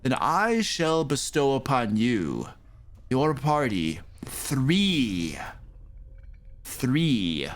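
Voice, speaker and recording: A man doing a pompous, slow-spoken abbot. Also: mid-range voice, wildly swooping pitch, exaggerated voice. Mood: haughty. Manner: lofty, preachy, menacing. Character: stern, pompous male abbot of a holy order. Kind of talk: tabletop role-play.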